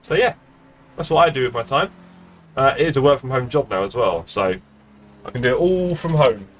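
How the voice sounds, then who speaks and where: A man's voice: medium pitch, lively intonation, fairly quick, a little hiss or hum. A middle-aged man live-streaming sim racing from home, chatting casually with his viewers in a rambling, self-mocking way. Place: home gaming room. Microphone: desk streaming mic.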